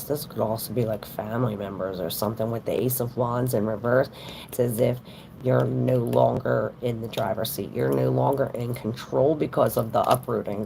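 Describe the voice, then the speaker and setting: Very deep, gravelly woman reading tarot. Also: warm tone, a little hiss or hum. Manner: chatty, talks straight to viewers, lots of fillers. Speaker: tarot reader on a livestream. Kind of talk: casual livestream tarot reading.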